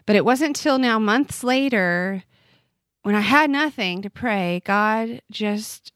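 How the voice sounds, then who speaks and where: A woman's voice: mid-range voice, lively intonation, takes it slowly, fairly bright tone, smooth, no room sound, studio quality. A woman in her forties, a podcast guest, telling a personal story in an earnest, heartfelt way that often halts and restarts. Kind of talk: personal testimony in conversation.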